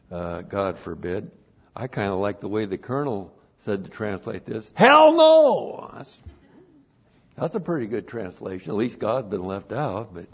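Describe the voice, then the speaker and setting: A man teaching scripture in a sermon, emphatic and deliberate, laying out numbered points and repeating each one, on a dull lo-fi recording. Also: lowish voice, a little mellow. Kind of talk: verse-by-verse Bible teaching sermon.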